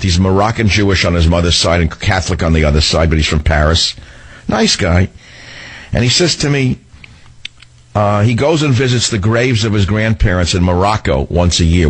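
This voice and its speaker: A man's voice: lowish voice, slightly rough. An older man hosting a talk radio show, delivering a combative, sarcastic, rambling monologue.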